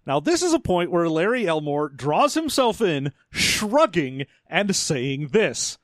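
A man's voice: fairly high pitch, big pitch swings, takes it slowly, no echo. A man co-hosting a podcast in casual chat, answering with dry, wry one-liners. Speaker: podcast co-host.

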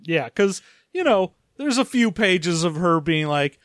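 High-voiced man bantering on a podcast. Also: a little slow, no echo, studio quality. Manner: animated, laughing banter. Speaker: podcast co-host. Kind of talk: casual comedic book recap.

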